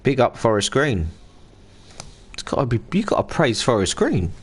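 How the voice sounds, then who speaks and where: A man's voice: mid-range voice, very animated, moderate pace, husky. A man, chatting casually on a live stream as he plays a football management game, greeting viewers by name and reading game text aloud. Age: 30s. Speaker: gaming livestreamer.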